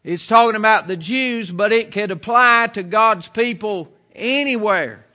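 A man's voice: sits high, measured pace, sharp tone. A middle-aged preacher from the United States delivering a sermon in an earnest, emphatic way, repeating his points.

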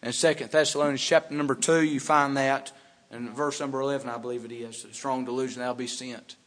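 A man pastor preaching a sermon in a church, fervent, swinging between hushed passages and loud emphatic ones. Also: mid-range voice, steady tone, fairly quick, in a large hall. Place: church sanctuary.

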